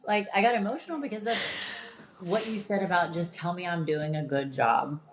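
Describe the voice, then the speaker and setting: A woman with a notably low, deep speaking voice hosts a podcast in candid casual chat. She talks emphatically and bluntly and swears freely. Her delivery is direct and firm as she makes her points. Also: fairly quick. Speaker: podcast host.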